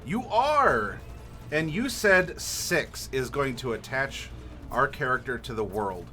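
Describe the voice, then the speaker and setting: Slow, bright-voiced man running a stream. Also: medium pitch, very animated, faint music behind. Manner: friendly, asks viewers for dice rolls, pauses with fillers. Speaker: game master. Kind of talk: livestream character creation, talking to chat.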